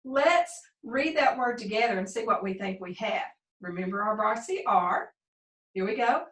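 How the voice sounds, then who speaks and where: A woman teaching a second grade phonics lesson to children, slow and sing-song, stretching out the sounds. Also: on the high side, lively intonation, fairly bright tone. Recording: echoey room, a bit distant.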